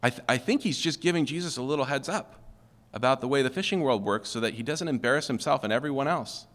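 In a room with long hall reverb, a man preaches as a pastor in a chatty style, often checking in with "okay?" and quizzing his listeners. He speaks fast at a medium pitch, with a slightly bright tone.

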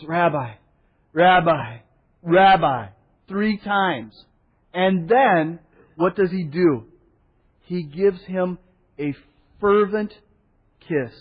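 A pastor with a high, slightly husky voice preaches in an animated, storytelling way, acting out the people he quotes. He drops to a hushed, solemn tone for the gravest points. The sound is dull and carries a long hall reverb. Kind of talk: sermon.

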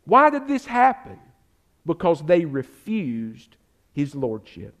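A man preaching a sermon with passion, calling his listeners "friend" and swinging from loud exhortation to hushed pleading. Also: fairly high pitch, wildly swooping pitch, slow pace. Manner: addresses listeners directly as "friend". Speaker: pastor.

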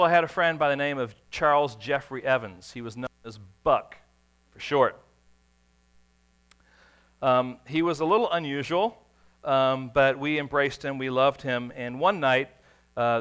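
A man preaching a sermon, telling stories with dramatic swings between hushed, quiet passages and sudden shouts. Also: mid-range voice, clean tone. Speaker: pastor.

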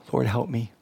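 A middle-aged man preaching a sermon in church, earnest and pleading, with casual asides to the congregation. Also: dark tone. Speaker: pastor.

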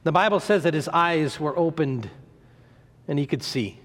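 A man preaching a sermon, retelling a story in an animated way, acting out the voices, sometimes stumbling and repeating words. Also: a little high, normal speed. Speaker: pastor. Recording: long hall reverb.

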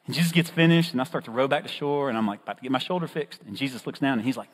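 A man preaching a sermon with playful storytelling and a husky voice. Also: mid-range voice, racing, few pauses. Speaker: pastor. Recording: long reverb of a large hall.

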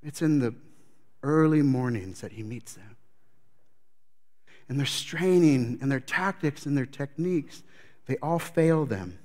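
A man's voice: medium pitch, animated, a little slow, pauses often, darkish tone. A man preaching a sermon as pastor, telling the story with animation and acting out scenes.

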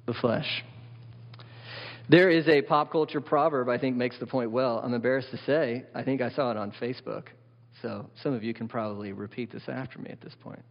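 Animated preaching man in a reverberant hall. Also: medium pitch, a little fast. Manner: animated preaching, asks the congregation questions. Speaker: pastor. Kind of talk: sermon. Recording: dull lo-fi sound with long hall reverb.

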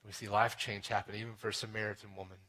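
A man preaching a sermon in a conversational way, often asking "right?" and dropping to a hushed tone for serious points. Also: fairly low pitch, flat delivery, fast. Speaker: pastor.

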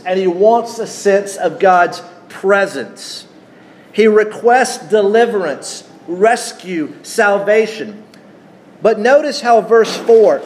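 A man preaching a sermon, teaching at an unhurried pace and putting questions to his congregation. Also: sits high. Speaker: pastor.

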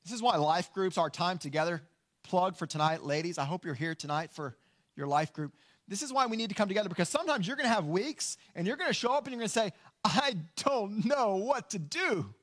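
High-voiced earnest male pastor preaching. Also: lively intonation, fairly bright tone. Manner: earnest, emphatic, slows down on key lines. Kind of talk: sermon.

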